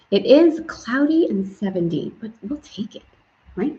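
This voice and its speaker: A middle-aged woman hosting a casual spiritual live stream, chatty and lively, sprinkling in French greetings. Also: medium pitch, moderate pace. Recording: slightly dull stream audio.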